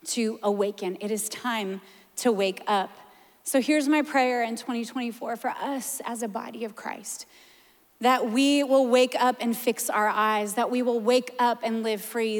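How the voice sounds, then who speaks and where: A woman preaching a sermon, animated and playful, sometimes close to tears. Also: on the high side, big-room sound. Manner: animated, playful, tearful at times.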